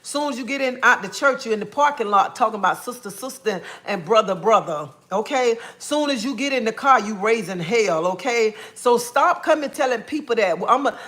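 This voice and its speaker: A woman's voice: on the high side, lively intonation, moderate pace, few pauses, fairly bright tone. A woman ranting casually on a live stream, blunt and sassy, calling viewers honey and baby and tagging her points with "okay?". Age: adult, a mother. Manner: repeats "okay?" after points. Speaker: livestreamer.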